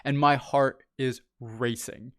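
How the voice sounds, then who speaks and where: A man's voice: mid-range voice, slow pace. A man from California telling a story in casual chat, acting out quotes and laughing often. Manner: animated, acts out quotes in raised voice, laughs often.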